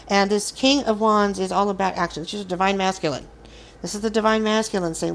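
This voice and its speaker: A woman's voice: mid-range voice, steady tone, a little fast. A woman hosting a casual collective tarot reading, speaking earnestly and encouragingly to her viewers. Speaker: tarot reader.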